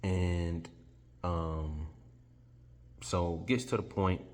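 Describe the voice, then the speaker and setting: A man with a very deep voice retells a story in a casual, chatty manner. He is animated and keeps correcting himself mid-sentence. A long reverb hangs on his voice. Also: drawn-out words.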